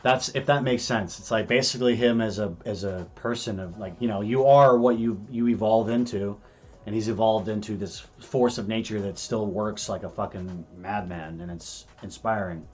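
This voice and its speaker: Young man from the US, fairly low voice, rambling casual talk, swears freely. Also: normal speed, darkish tone, husky. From United States. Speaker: actor co-hosting a live stream. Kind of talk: casual chat.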